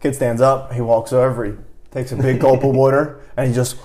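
A man hosting a casual chat, upbeat and animated as he retells a story. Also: mid-range voice, brisk, slight background noise.

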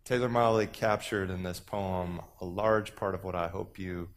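A man giving a casual sermon talk at a youth retreat, relaxed and joking, with many halting fillers, speaking into a stage microphone in a large venue. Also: low voice.

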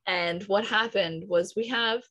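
A woman's voice: mid-range voice, unhurried, a bit bright, dull audio. A young woman telling a story in casual chat, quoting others as she goes.

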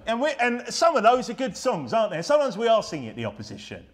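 Lively high-voiced male preacher. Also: fast. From United Kingdom. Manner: conversational, rhetorical tag questions, lively. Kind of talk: sermon. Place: church hall.

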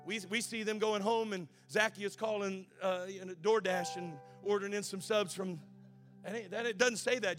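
A male pastor preaching a sermon, swinging from shouted, sing-song preaching to quiet, conversational asides. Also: sits high, steady tone, moderate pace, soft background music.

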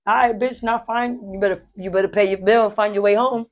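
A woman's voice: mid-range voice, fast, dull audio. A woman hosting a podcast in casual chat, blunt and profane, telling stories with lots of energy. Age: adult with a stepdaughter and son. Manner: blunt, profane, animated storytelling. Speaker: podcast host.

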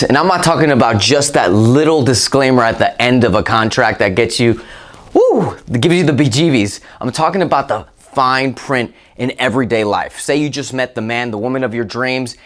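An upbeat man hosts a motivational podcast in a mid-pitched voice, swinging from punchy exclamations to hushed asides as he tells a personal story. Faint music sits under his talk. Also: moderate pace. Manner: energetic, emphatic storytelling with exclamations. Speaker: podcast host.

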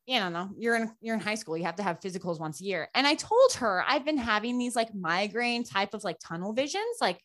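A woman guest telling a personal story in casual talk, animated and full of "like" fillers, acting out the voices of people she quotes. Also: mid-range voice, fairly quick, few pauses. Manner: chatty, frequent "like" fillers. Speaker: podcast guest.

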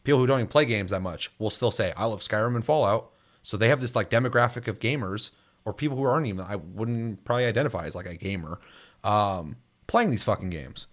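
A man's voice: fairly low pitch, fast talker. Guy ranting about games, swears a ton, voice bouncing all over the place. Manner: animated, swears a lot, acts out quoted voices. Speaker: podcast co-host. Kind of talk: casual gaming chat.

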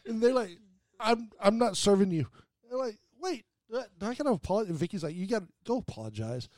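A man hosting a radio show, telling profane, animated anecdotes in casual chat. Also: high-pitched, quick pace.

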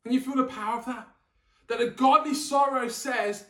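A man with a strikingly high voice delivers an earnest sermon and presses his points home by repeating them. He sits back from the microphone, and his words ring through a reverberant room. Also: steady tone, moderate pace, fairly bright tone. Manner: earnest, emphatic preaching with repeated phrases. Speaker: preacher. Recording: echoey room, mic at a distance.

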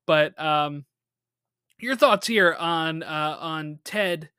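A man's voice: a little high, extremely slow, bright, forceful tone, clean tone, dry recording, studio quality. A man co-hosting a podcast, casually recapping a TV episode with many fillers and frequent laughs. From United States. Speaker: podcast co-host.

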